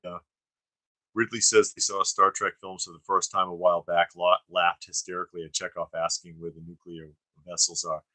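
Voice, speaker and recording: A man's voice: low-pitched, level tone, fairly quick, pushed and bright, dry recording, rough recording. A man co-hosting a live stream, chatting casually and reading viewer comments, rambling with fillers and restarts. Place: studio.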